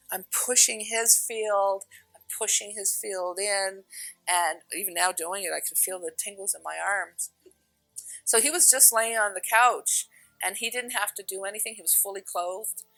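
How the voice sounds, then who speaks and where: A woman talks casually as a spiritual teacher, her voice bright and forward. She tells stories in an animated way, acting out what others said. The sound is dry and close, with faint music underneath. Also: medium pitch, vocal fry, no echo, rough recording. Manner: animated storyteller, acts out quotes.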